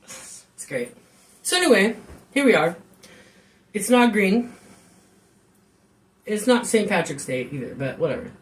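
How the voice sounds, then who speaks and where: A woman's voice: medium pitch, very animated, measured pace, long pauses, slight background noise. A woman chatting casually and rambling on a live stream from her kitchen, swearing and joking with viewers. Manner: rambling, profane, jokey. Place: home kitchen.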